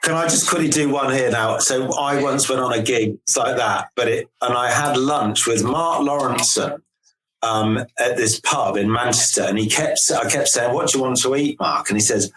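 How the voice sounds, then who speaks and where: An advertising creative telling animated, sweary anecdotes over a video call from home. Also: male voice, medium pitch, moderate pace, roomy sound, low-quality recording.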